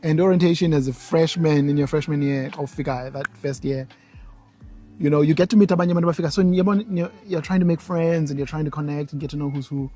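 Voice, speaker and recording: A young South African man chatting with his wife on their channel, switching between English and Xhosa while retelling stories with animated quoted voices. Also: on the high side, fast talker, faint music behind. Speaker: co-host, husband. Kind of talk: casual chat.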